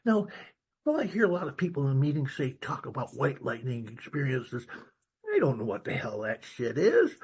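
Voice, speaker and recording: Husky-voiced man telling his recovery story. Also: medium pitch. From New York, USA. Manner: animated storyteller, acts out dialogue, blunt and salty. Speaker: recovery meeting speaker. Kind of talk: personal recovery story talk.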